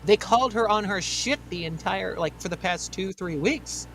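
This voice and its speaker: A man's voice: high-pitched, moderate pace, fairly bright tone, slight background noise. A man co-hosting a casual commentary chat, talking in a sarcastic, mocking way. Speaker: co-host.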